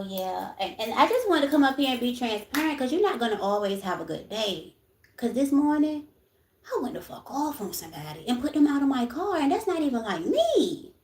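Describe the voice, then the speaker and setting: A woman's voice: on the high side, darkish tone. A young adult woman, chatting frankly on a livestream, swearing freely and often asking "you know what I'm saying". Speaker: livestream host. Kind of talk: casual livestream chat. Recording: echoey room.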